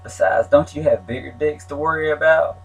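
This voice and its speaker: A man voicing a streetwise male fellow inmate who teases in a raspy, smoky voice. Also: a little high, brisk, recorded from a distance, soft background music, voice pushed up, low-quality recording. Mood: teasing. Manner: mocking and teasing, then blunt advice.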